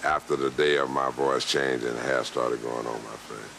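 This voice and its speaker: A man being interviewed, telling a personal story slowly and with measured pauses. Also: rumbling low, steady tone, bright, forceful tone, slight background noise.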